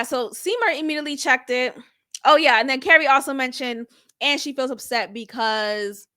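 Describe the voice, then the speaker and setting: Woman TV reviewer, casual recap, unhurried, bright tone, animated and slangy. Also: fairly high pitch. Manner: animated, slangy, repeats lines for emphasis. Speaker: TV show reviewer.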